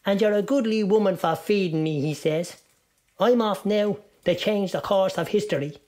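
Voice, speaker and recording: Someone doing a chatty old Irish woman with a lively, bouncing voice. She spins her yarn in a folksy way. The whole thing sounds like a comedy sketch. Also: moderate pace, lightly acted. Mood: gossipy. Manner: folksy storytelling, lively pitch swings.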